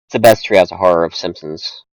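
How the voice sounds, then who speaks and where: A man's voice: low-pitched, fast, dry recording, low-quality recording. A young man co-hosting a casual movie review chat, rambling with many fillers and restarts. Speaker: podcast co-host.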